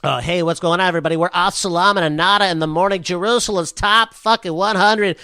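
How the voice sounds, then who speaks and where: A man's voice: high voice, quick pace, bright, forceful tone, smooth, dry recording, clean studio sound. A man putting on a brash, jokey male morning radio DJ. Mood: hyped.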